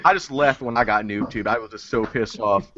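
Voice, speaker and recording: A man co-hosting a casual gaming podcast, excitable and swearing a lot as he tells his gaming stories. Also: fairly low pitch, fairly quick, dull audio, crowd noise. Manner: excitable, swears a lot, acts out game rants. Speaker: podcast co-host. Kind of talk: casual chat.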